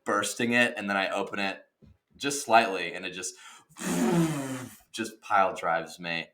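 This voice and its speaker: Excitable young man with a bright voice. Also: low voice, moderate pace. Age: 20s. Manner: excitable, exaggerated retelling with laughter and mild cursing. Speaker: podcast co-host. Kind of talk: casual chat, animated storytelling.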